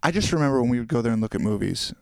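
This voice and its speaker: A man in a casual chat, reminiscing in a low-key, teasing way and trailing off with fillers. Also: lively intonation, racing, creaky. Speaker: podcast co-host.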